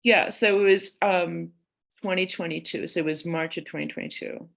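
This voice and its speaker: A woman's voice: on the low side, moderate pace, creaky, a bit bright. A woman in her forties, a guest author in a casual podcast conversation, telling candid family stories and acting out the quoted lines. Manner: candid storyteller, acts out quoted dialogue.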